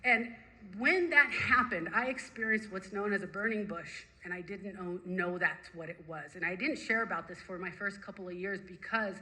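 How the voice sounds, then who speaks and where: A woman sharing her personal recovery story with a group, animated and emphatic, repeating phrases for effect. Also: medium pitch, moderate pace, rough recording. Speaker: recovery meeting speaker.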